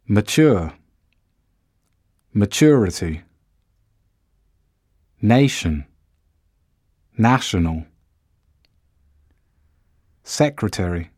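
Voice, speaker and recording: A man with a lowish voice narrates a language course. He reads every word very slowly and carefully, and his pitch rises and falls a lot. The sound is dry and close, with no room echo. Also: a little mellow. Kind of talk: slow, deliberate scripted pronunciation reading.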